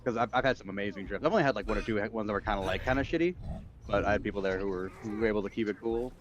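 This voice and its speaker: Ein Mann im lockeren Gespräch während eines Spiele-Streams, der lebhaft erzählt und viel flucht. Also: male voice, lowish voice, racing, highs cut off, a crowd in the background. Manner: animated storyteller, swears often. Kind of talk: casual chat on a game stream.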